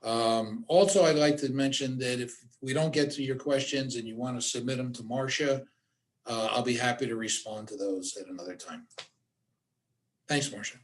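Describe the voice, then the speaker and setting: A man's voice: mid-range voice, normal speed. A man teaching a suicide awareness workshop, giving direct instructions and repeating his key points for emphasis. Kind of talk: workshop presentation.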